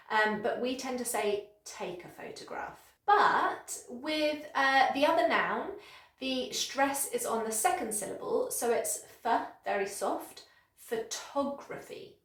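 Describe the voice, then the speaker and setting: A female English teacher gives a pronunciation lesson to camera in a slightly high, a bit bright voice, slowly and carefully exaggerating each word she models for learners. She stays encouraging and upbeat, offering praise, and the audio carries a noticeable room echo.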